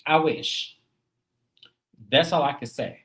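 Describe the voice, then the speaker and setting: A woman's voice: sits low, takes it slowly, creaky, fairly bright tone, poor audio. A woman hosting a reality TV recap in casual commentary, blunt and emphatic, cursing freely and talking straight to her viewers.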